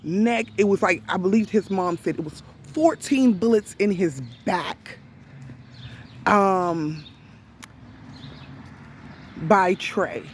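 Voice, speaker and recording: Woman storyteller, plain casual delivery, deliberate and emphatic, unhurried pace. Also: medium pitch, a little hiss or hum. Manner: deliberate, emphatic, with rhetorical questions. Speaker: storyteller recounting an event to viewers. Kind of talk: casual spoken retelling.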